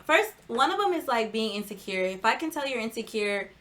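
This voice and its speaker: A young woman as a guest on a casual talk show, speaking frankly with many fillers and quick laughs. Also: a little high, big pitch swings, a bit bright. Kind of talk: casual chat.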